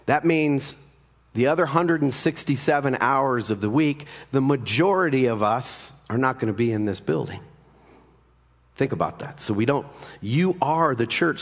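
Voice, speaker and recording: A man preaching a conversational sermon as pastor, often restarting his words. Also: mid-range voice. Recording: long reverb of a hall.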